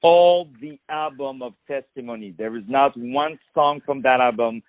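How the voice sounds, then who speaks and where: A French-accented man hosts a radio interview and heaps on praise in a halting way, stumbling through fillers. His voice is tinny and narrow, like a phone line, and dry, with no room sound. His pitch is middling for a man. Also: dry recording. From France. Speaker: radio host.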